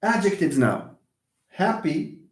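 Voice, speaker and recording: An English teacher talks through a live online lecture at a middle pitch, patient and chatty. The voice draws words out slowly and breaks into easy laughs. The sound is roomy, with the echo of a bare space around it. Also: sing-song. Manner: laughs often and answers students by name.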